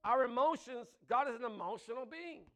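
A man preaching a sermon with passion, moving between loud emphatic lines and soft, intimate ones, laughing between points. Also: extremely high pitch, a little fast. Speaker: pastor.

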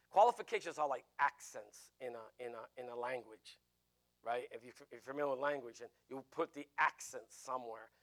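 A man preaching an informal teaching sermon, conversational, with frequent restarts and "right?" asides. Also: mid-range voice. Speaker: pastor teaching a Bible class.

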